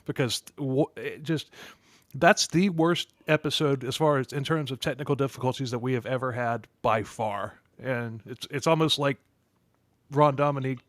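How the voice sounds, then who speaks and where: A man's voice: mid-range voice, normal speed, no room sound. A man hosting a podcast in casual chat, rambling with frequent restarts and laughing often. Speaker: podcast host.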